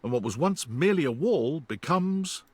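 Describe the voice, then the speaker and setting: A man's voice: on the high side, expressive, moderate pace, noisy background, lightly acted. A man narrating a video game in a wry, storytelling manner. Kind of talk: scripted narration.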